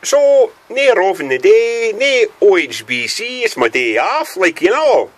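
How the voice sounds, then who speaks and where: Scottish man, casual self-filmed chat, raised pitch, very animated, endless "eh?" tags. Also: measured pace. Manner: rambling, tags nearly every phrase with "eh?", exclaims "by George". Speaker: vlogger. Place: small cluttered wooden hut, indoors.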